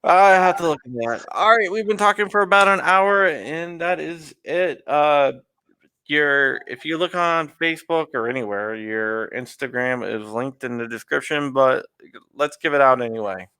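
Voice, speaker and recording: A man's voice: on the high side, moderate pace, bright, forceful tone, clear, resonant tone, dry recording. A man hosting a casual live-stream interview, rambling with frequent restarts and chuckles. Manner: rambling, restarts often, laughs while talking. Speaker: host.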